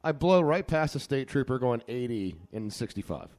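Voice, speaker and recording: A man hosting a loose podcast chat, joking around and spinning anecdotes between laughs. His voice sits in an ordinary middle pitch. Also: expressive, normal speed, darkish tone. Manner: storytelling, joking, laughs often. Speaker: podcast host. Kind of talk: casual chat.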